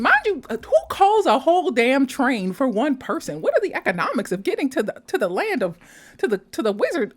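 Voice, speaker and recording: A woman vlogger chats casually and briskly, gushing about a film in slangy language. Her pitch swings widely as she flips between high mock voices and soft whispers.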